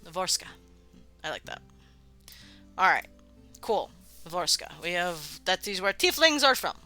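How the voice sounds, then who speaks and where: Very bright, smooth-voiced casual streamer. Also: mid-range voice, sing-song, unhurried, faint music behind. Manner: rambling, laughs often, swears freely. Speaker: streamer running a worldbuilding game stream. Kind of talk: casual live-stream chat.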